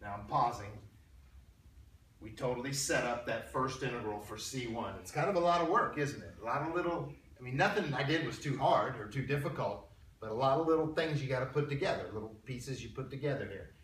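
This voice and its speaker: A man's voice: medium pitch, animated, brisk, a bit bright. A male math instructor giving a casual classroom lecture, talking conversationally, repeating himself and quizzing his students. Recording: roomy, distant classroom recording with faint noise.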